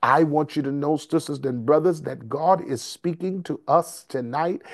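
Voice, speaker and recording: A man preaching a sermon in a slow, rhythmic cadence, repeating and building phrases. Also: a little high, darkish tone. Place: service streamed over video call and conference line.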